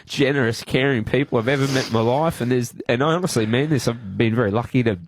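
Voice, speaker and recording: An Australian man hosting a radio show, speaking in a halting, tearful way with many restarts as he pays tribute to his friend in the studio. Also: medium pitch, a little hiss or hum. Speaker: radio host. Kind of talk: emotional on-air tribute. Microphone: studio microphone.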